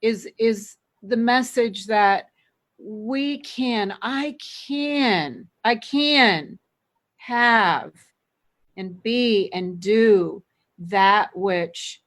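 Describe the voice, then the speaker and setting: Slow, halting woman podcast host. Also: medium pitch, fairly bright tone. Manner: halting, restarts phrases. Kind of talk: interview questions.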